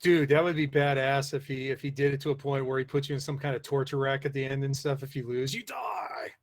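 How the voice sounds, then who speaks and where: A man's voice: mid-range voice, level tone, fast. A man hosting a casual live podcast, rambling with lots of fillers as he reads the chat aloud. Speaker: podcast host.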